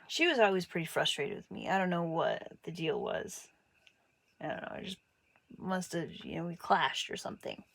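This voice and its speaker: Woman telling stories in a dry room. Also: dry recording. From Montana. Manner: animated, acts out quoted voices with big pitch jumps. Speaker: artist telling her life story. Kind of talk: casual personal storytelling.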